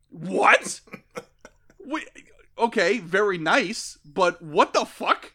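A man's voice: high voice, very animated, moderate pace, pushed and bright. A man co-hosting a podcast, recapping a cartoon movie in sarcastic, profane, joking chat. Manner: sarcastic, profane, acts out quotes in jokey voices. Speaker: podcast co-host. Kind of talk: casual comedic recap chat.

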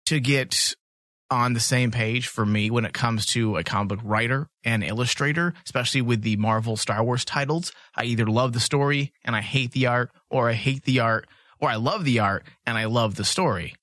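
A man's voice: mid-range voice, moderate pace, fairly bright tone, no room sound, studio quality. A man co-hosting a casual podcast, talkative and joking, sometimes reading summaries aloud. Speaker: podcast co-host.

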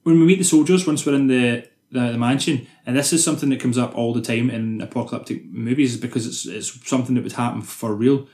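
A young man, a podcast co-host, retelling film scenes in quick, sweary casual chat. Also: medium pitch, steady tone, a little mellow, reverberant.

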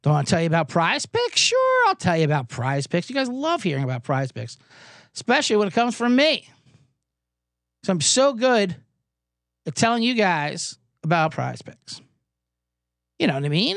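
A hoarse male podcast host rants with sarcasm and profanity, his pitch leaping around animatedly. His delivery swings between mock enthusiasm and grumbling. The sound is dry and close-miked. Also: huge pitch swings, normal speed, long pauses, a bit bright, dry recording. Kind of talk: comedic sports betting podcast.

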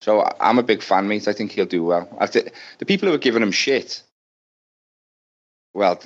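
A man rambles bluntly through his football views, peppering them with swears and fillers. His voice is on the low side. The podcast audio sounds dull and lo-fi. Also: expressive, normal speed. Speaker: podcast guest. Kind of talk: casual football opinion chat.

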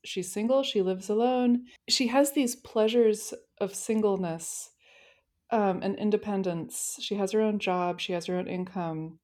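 A woman co-hosting a casual book discussion, talking enthusiastically and telling stories about scenes. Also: mid-range voice. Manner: enthusiastic, lively storytelling.

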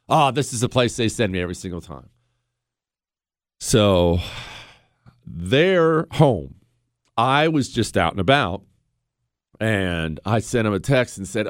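A man hosting a radio talk show, talking casually and joking with quick asides while he is a bit under the weather. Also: mid-range voice, lively intonation, clean tone, no room sound, studio quality. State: a bit sick, possible fever. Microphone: studio microphone.

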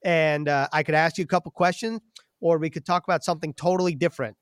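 A man hosting a sports podcast in a casual chat, upbeat with quick asides while reading out quiz questions. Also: on the high side, steady tone, no echo, studio quality. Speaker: podcast host.

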